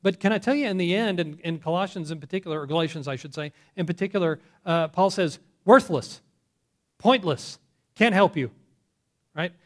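A man's voice: on the high side, fast talker, few pauses. A man preaching a conversational sermon, often correcting himself and putting questions to the congregation. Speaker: pastor.

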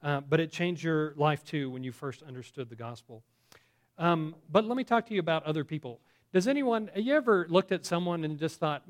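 A pastor preaching a conversational sermon, asking the congregation questions, with many fillers and restarts. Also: male voice, fairly high pitch, fast.

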